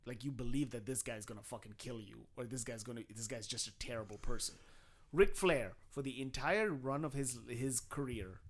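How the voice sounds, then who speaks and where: A man on a podcast, chatting casually and excitedly, swearing and laughing as he explains things. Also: mid-range voice, normal speed. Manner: excited, laughing, swears often, acts out quotes. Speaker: podcast co-host. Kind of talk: casual chat.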